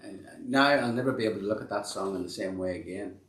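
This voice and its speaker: A man's voice: fairly low pitch, quick pace, fairly bright tone. A man hosting a casual live-stream chat, rambling and self-deprecating with many restarts. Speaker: host and band member. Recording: echoey room.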